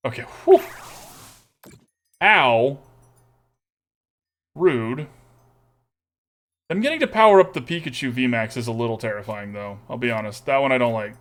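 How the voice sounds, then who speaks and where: Mid-range and fairly bright, with lively intonation, a measured pace and frequent pauses, this young Texan's voice accompanies his card game stream. He muses aloud about each play, humming and muttering to himself along the way.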